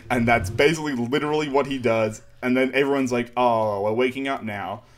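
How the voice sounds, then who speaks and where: A man's voice: medium pitch, fairly even intonation, normal speed. Casual young-sounding man recapping a manga. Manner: laid-back, rambling recap with fillers, sarcastic asides and laughs. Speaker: podcast co-host recapping a manga. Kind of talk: casual chat.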